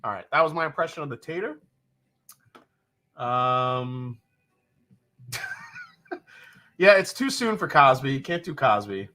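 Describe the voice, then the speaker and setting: Stream host: lively, bright male voice, loose and profane. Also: fairly high pitch, takes it slowly, pauses often, slight background noise. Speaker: livestream host. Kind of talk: casual live chat.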